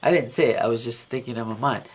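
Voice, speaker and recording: A man vlogging, telling a story from his dream in a casual, animated way, repeating words and laughing at himself. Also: mid-range voice, quick pace.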